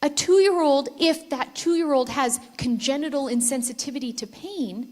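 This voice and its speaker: High-voiced woman giving a keynote. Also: moderate pace. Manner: lively storytelling, asks the audience questions. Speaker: keynote speaker. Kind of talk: conference keynote speech. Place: conference stage before a live audience.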